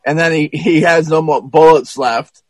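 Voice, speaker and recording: Guy on a podcast rambling through a movie plot, swears a lot, kinda high voice, dead dry room. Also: moderate pace, no echo, poor audio. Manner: rambling, profane, animated retelling with restarts. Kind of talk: casual movie chat.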